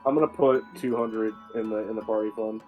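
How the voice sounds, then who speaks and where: A man's voice: lowish voice, steady tone, fairly quick, phone-quality sound, soft background music. A man playing a tabletop game with friends over a call, joking and restarting his sentences. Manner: joking, stumbling restarts, swears. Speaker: player. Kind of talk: casual tabletop game chat.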